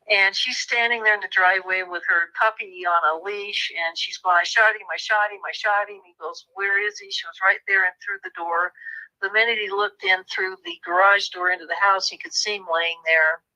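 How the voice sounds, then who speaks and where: A woman's voice: mid-range voice, poor audio. A woman author recounting a true crime case as a guest, telling it as a story and acting out the people she quotes. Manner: animated, acts out quoted voices. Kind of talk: conversational storytelling.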